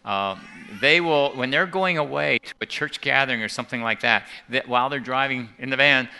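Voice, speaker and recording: A man's voice: mid-range voice, brisk, gravelly, sharp tone, clear, resonant tone. A man giving an earnest talk to a church audience, often restarting and repeating words. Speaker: seminar speaker.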